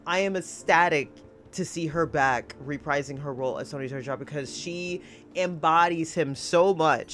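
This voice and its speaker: A woman hosting an anime reaction video, gushing and giggly, laughing often and close to tears. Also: low voice. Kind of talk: excited reaction commentary.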